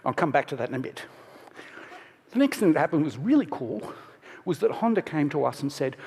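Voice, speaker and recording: A man's voice: fairly high pitch, big pitch swings, a little fast, long pauses, darkish tone, breathy edge. Man speaking in a reverberant hall. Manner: casual and candid, self-interrupting, emotional at moments. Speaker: conference speaker. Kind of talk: conference talk. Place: large conference hall.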